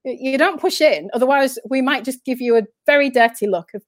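Here a woman with a northern English accent tells stories in casual interview chat, rambling and repeatedly restarting what she says. Her voice is high and brisk, and the recording is dry.

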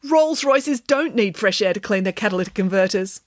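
A proud, excitable nanny makes grand announcements with a lively, swooping pitch, as a woman reads her lines. She is wild about chocolate and loves a dramatic reveal. The sound is dry and close. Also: moderate pace, dry recording, close to an everyday voice.

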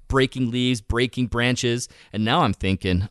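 Man, photography workshop leader, casual chat, smooth voice, middle pitch. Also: fairly even intonation, moderate pace, few pauses, no echo, clean studio sound. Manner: vivid storyteller, acts out his own thoughts.

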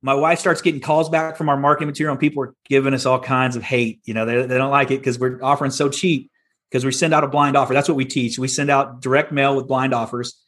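A man's voice: medium pitch, fairly even intonation, fast, fairly bright tone. A middle-aged man from Texas, a podcast guest telling his story in a candid, casual way with frequent restarts. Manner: candid, many restarts and repeats.

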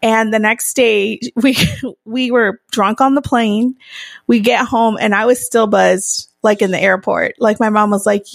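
Young woman spilling a drunk trip story, curses a lot, laughs, kinda high voice, dry mic. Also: steady tone, takes it slowly, gravelly, no room sound. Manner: swears freely, laughs often, acts out quoted voices. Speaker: podcast co-host. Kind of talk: casual storytelling chat.

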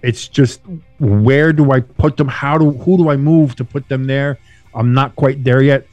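A man hosting a casual sports podcast, talking loosely and profanely with bursts of animated emphasis. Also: mid-range voice, unhurried, no echo, dull audio, soft background music. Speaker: podcast host.

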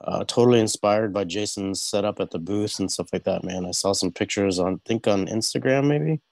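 A man's voice: lowish voice, a little fast, gravelly, darkish tone, dry recording. A man tattoo artist, congested from a cold, chatting in a laid-back way on a video-call podcast, full of fillers. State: congested, under the weather. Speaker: tattoo artist, regular guest. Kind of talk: casual podcast chat.

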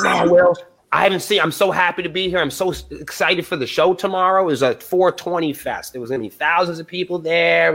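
A man with a high voice tells a rowdy story with lots of swearing. He acts out the lines of the people in the story and speaks in a casual, animated way. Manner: profane, animated storyteller acting out dialogue. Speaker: band member guest. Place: live podcast interview.

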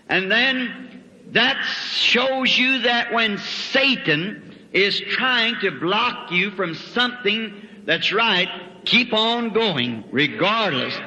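Man, preacher, folksy testimony, sharp bright voice, lo-fi vintage tape, long hall echo. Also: high voice. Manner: folksy storytelling with rural grammar. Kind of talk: revival sermon testimony. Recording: old lo-fi hall recording with long reverb.

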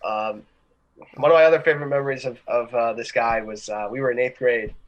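A man's voice: mid-range voice, steady tone, a little fast, muffled recording. A young man telling stories in a casual chat, rambling and laughing as he goes. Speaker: podcast co-host.

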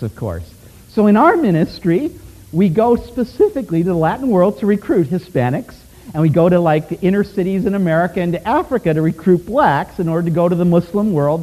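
A man's voice: high-pitched, warm tone, rough recording. A man teaching a missions class, telling stories and asking the class rhetorical questions in a classroom. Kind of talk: missions teaching talk with storytelling.

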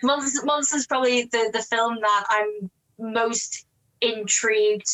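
A woman's voice: on the high side, little pitch movement, fairly bright tone, low-quality recording. Giggly, chatty English woman. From England. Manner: chatty, quick, laughs often. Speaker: actress and guest. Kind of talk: casual interview chat.

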